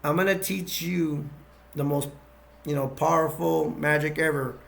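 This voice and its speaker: A man's voice: a little high, fairly even intonation, unhurried, vocal fry, fairly bright tone, heavily acted. A man doing a chuckling old mystic master.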